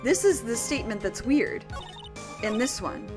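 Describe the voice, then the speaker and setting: A woman's voice: fairly high pitch, big pitch swings, measured pace, music in the background. A woman streaming a video game, chatting casually and with exasperation to her viewers. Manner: chatty, exasperated, talks straight to chat. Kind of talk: casual let's-play chat.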